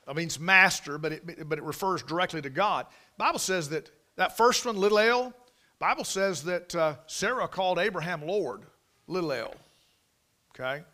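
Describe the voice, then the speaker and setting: An American man preaching a King James sermon, emphatic and folksy, repeating phrases and swinging between loud proclaiming and quiet asides. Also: a little high. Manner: folksy, with stumbles and restarts.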